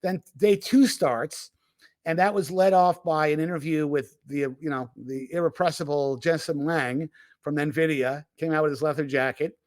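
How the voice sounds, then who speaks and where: A man hosting a tech podcast in casual chat, talking in an animated way with lots of fillers and restarts. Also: on the high side, moderate pace, no room sound. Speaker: podcast host and tech analyst. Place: remote recording.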